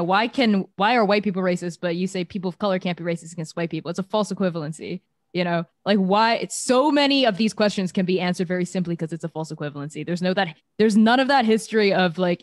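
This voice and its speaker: A woman's voice: medium pitch, quick pace, no echo, studio quality. A young adult woman speaking on a panel discussion, emphatic and casual, filling her talk with "like". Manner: emphatic, casual, heavy use of filler words.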